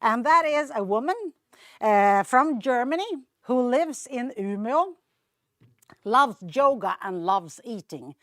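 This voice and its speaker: High, lively woman host. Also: slow pace, dry recording. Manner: cheerful, chatty, jokes about herself. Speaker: event host. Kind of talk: introducing comedians.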